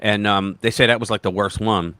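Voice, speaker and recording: A man's voice: lowish voice, brisk, clear, resonant tone, dry recording. A man hosting a casual political livestream chat, talking emphatically and animatedly with many restarts. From United States. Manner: animated, emphatic, talks over himself with restarts and quoted voices.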